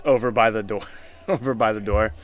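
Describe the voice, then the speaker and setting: A man's voice: lowish voice, fairly even intonation, a little fast. A man narrating as game master in a casual tabletop game, often laughing as he describes the scene. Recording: faint background music.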